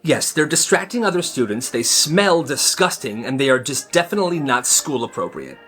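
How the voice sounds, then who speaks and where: A man's voice: medium pitch, big pitch swings, normal speed, a bit bright. A man voicing a harsh female preschool teacher who curtly scolds a parent in a storytime video. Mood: disapproving. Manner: curt and disapproving.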